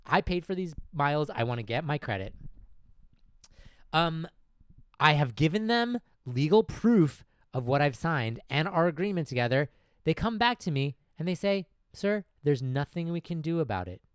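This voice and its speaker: A man hosting a podcast, telling a comedic story in a casual, animated way and laughing often. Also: a little high, normal speed, clear, resonant tone, no echo, studio quality. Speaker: podcast host.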